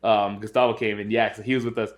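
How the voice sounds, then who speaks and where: A man's voice: fairly low pitch, level tone, fast. A young man co-hosting a podcast, telling a story in casual chat and acting out his friends' voices. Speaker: podcast co-host.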